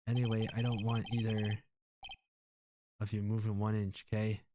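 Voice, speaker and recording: A man doing a gruff Boston-accented cop. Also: lowish voice, little pitch movement, normal speed, background noise, natural voice. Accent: put-on Boston cop accent. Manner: tough-talking, tags lines with "see?". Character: gruff blustering male police detective. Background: game music.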